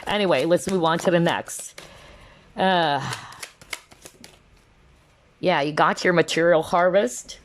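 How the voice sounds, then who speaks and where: Low-voiced woman giving a chatty tarot reading. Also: takes it slowly, pauses often, a little hiss or hum. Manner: chatty, heavy on fillers like "kind of, like" and "you know"; earnest, emotional, openly moved. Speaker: tarot card reader. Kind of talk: casual pick-a-card reading to camera.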